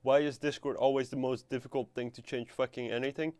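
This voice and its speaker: A man's voice: medium pitch, level tone, fairly quick, a little mellow, clear, resonant tone, no echo. Guy streaming a game, rambly and joking around, swears a bit. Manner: rambling, playful, swears casually. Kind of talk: casual live game stream chat.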